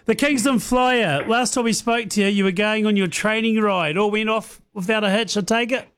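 A man's voice: sits high, fairly even intonation, moderate pace, fairly bright tone, clear, resonant tone. A man hosting a casual radio interview, easygoing and teasing. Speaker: radio host.

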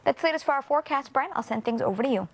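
A female morning news anchor reads stories in a friendly, bright way. Her voice sits a little high. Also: lively intonation, rapid-fire.

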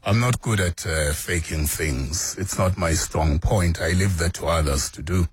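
A man in his fifties, a veteran broadcaster, answering slowly and earnestly with many 'uh' pauses. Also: low voice, a little hiss or hum. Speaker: veteran radio broadcaster, guest. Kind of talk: measured interview answers.

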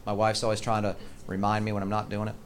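A man doing a stand-up comedy routine on stage, ranting in a profane, exaggerated way with sudden shouted outbursts. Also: on the low side, monotone, fast, a crowd in the background. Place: comedy stage before a live audience.

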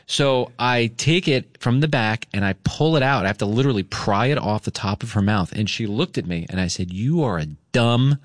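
A man's voice: brisk, few pauses, no echo, studio quality. A man hosting a morning radio show, telling a story casually and acting out the quotes in a raised voice. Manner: animated, acts out quotes in a higher voice.

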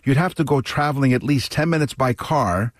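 A man from Canada co-hosting a radio talk show, telling a travel story in a chatty, animated way with frequent restarts. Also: mid-range voice, brisk, dry recording, clean studio sound.

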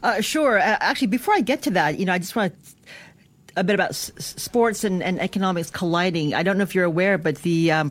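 A woman business reporter giving a live radio news report in a chatty way, with many fillers and restarts. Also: low-pitched.

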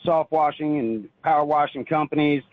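A man calling in to a radio show, telling a personal religious story in an earnest, halting way with frequent restarts. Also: fairly high pitch, dry recording. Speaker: caller. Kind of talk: phoned-in personal testimony. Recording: tinny phone line.

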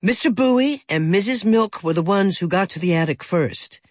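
An audiobook narrator reading a children's story gently and expressively. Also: mid-range voice, expressive, normal speed, no room sound, studio quality.

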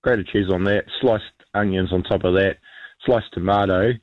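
A man's voice: low-pitched, fairly even intonation, normal speed, no room sound, narrow, tinny audio. A New man chatting casually as a radio guest, rambling with lots of ums and restarts.

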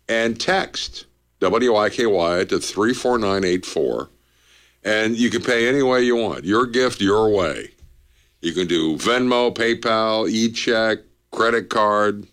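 A man hosting a charity radiothon on the radio, relaxed and joking, a little punchy after a long day. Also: fairly low pitch. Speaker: radio host.

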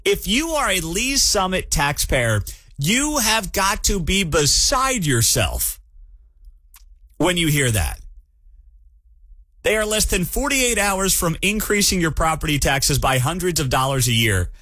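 Guy doing morning talk radio, ranting and disbelieving, bit high-pitched, super dry sound. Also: unhurried, dry recording. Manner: animated, incredulous ranting. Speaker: radio show host.

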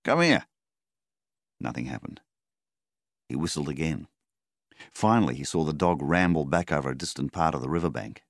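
A man reads a story aloud in a measured, unhurried way. His voice is very deep and gravelly. The recording is dry and close. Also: no room sound. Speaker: narrator. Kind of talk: audiobook narration.

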